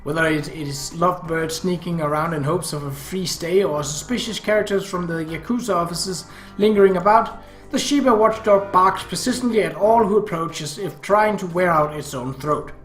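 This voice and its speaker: A man's voice: high voice, normal speed, fairly bright tone. A man reading a visual novel aloud in dry, wry first-person narration. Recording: echoey room, faint music.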